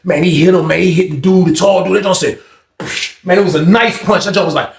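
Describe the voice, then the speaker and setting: Male storyteller, slangy and animated, acts out the people in his story, slightly high voice, roomy echo. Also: quick pace, gravelly. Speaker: storyteller recounting prison life. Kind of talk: casual storytelling.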